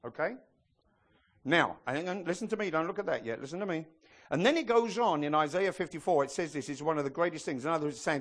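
A male pastor delivers a lively sermon in a church, mixing jokes with emphatic points. His voice sits a little high and swings widely in pitch. The delivery is humorous and forceful by turns. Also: quick pace. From outside the US.

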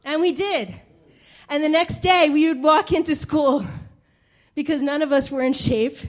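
Very high-voiced woman preaching with animated storytelling. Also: a little slow. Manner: animated, laughing, acts out the people in her stories. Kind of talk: sermon with personal storytelling.

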